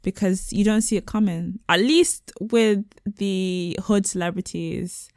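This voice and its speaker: A woman's voice: medium pitch, a little slow, no room sound, studio quality. Joking woman co-hosting a chat show. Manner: joking, animated banter. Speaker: podcast co-host. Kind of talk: casual chat.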